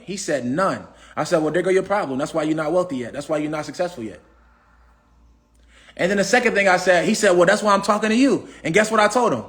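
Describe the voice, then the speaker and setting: Brief: high-pitched man, AAVE, preachy livestream motivational speaker, repeats himself. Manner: preachy, repetitive, asks the audience questions. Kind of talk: casual motivational talk.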